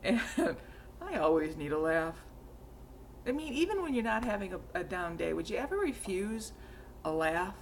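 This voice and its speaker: A middle-aged woman chats loosely through her podcast, laughing often as she rambles. Her voice is hoarse and cracky from a frog in her throat, and her pitch sits in an ordinary middle range. A faint hiss of noise runs underneath. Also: sing-song, normal speed. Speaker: knitting podcast host. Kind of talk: casual chat.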